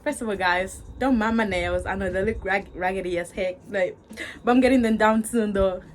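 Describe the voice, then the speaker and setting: A woman's voice: medium pitch, normal speed, a little hiss or hum. A young woman vlogging a storytime, talking straight to her viewers, repeating herself and swinging between angry outbursts and laughter. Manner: animated, repetitive, talks straight to viewers. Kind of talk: casual storytime vent.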